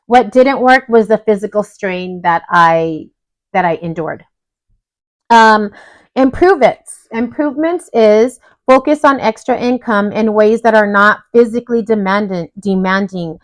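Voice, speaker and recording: A woman's voice: mid-range voice, no room sound, low-quality recording. A woman in a casual budgeting vlog, reviewing her own goals at home in a chatty, apologetic way with frequent restarts. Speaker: budgeting vlogger. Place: home room with dogs nearby.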